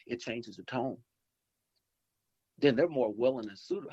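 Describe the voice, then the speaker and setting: A man's voice: on the high side, very animated, a little fast, vocal fry, a little mellow, breathy edge, dry recording. A middle-aged man, an insurance agency owner and investor, giving rambling advice in a phone interview, with many repeats and restarts as he acts out calls with customers. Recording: dull lo-fi phone line.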